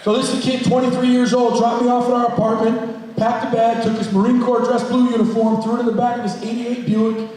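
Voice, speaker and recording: A man's voice: very high-pitched, flat delivery, a little fast, darkish tone. A man, a school guidance counselor and coach, telling a motivational story to students and speaking plainly and directly to the audience. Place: large school hall with an audience. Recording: echoey hall, voice from far off.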